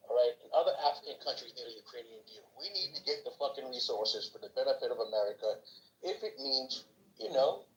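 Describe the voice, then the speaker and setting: A man's voice: medium pitch, fairly bright tone, roomy sound, rough recording. A man in a casual political discussion, blunt, profane and emphatic.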